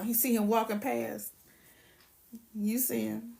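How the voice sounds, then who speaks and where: A woman's voice: on the high side, steady tone, moderate pace, creaky, darkish tone. A woman hosting a casual livestream, ranting bluntly and profanely and greeting viewers by name. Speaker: livestream host.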